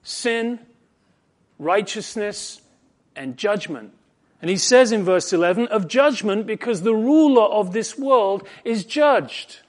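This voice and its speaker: A man preaching an expository sermon, earnest and emphatic, slowing down when he quotes scripture. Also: sits high, animated.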